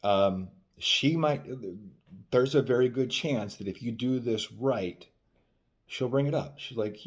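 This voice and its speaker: A man's voice: medium pitch, slow pace. A man working as a dating coach, talking casually into the camera and acting out quoted dialogue, often asking "right?". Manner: repeats "right?" often, acts out quoted lines. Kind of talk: casual advice monologue.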